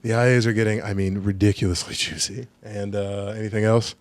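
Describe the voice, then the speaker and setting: A young man hosting a podcast in casual chat, joking, animated and swearing freely. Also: fairly low pitch, brisk, no room sound. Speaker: podcast host. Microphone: studio podcast mic.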